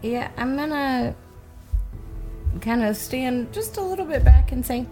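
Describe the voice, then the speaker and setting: A woman's voice: high-pitched, lively intonation, a little slow, mellow, faint music behind. A woman playing her character in a tabletop game, bubbly and friendly. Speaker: player. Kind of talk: tabletop game role-play.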